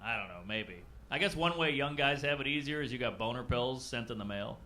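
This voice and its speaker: A man's voice: medium pitch, lively intonation, fairly quick, pushed and bright. A man in his forties doing a stand-up comedy set with a punchy, conversational, self-deprecating delivery. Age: 40s. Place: comedy club stage. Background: audience laughter.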